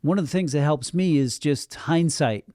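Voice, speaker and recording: A man's voice: on the high side, moderate pace, dark tone, no echo, studio quality. A man preaching a sermon as pastor, earnest and conversational with touches of humor.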